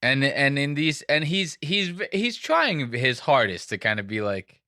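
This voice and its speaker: A man's voice: mid-range voice, big pitch swings, a little slow, bright, forceful tone, dry recording, studio quality. A young man hosting a casual podcast, rambling and swearing as he jokes through the story. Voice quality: profane, rambling, jokey. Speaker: podcast host.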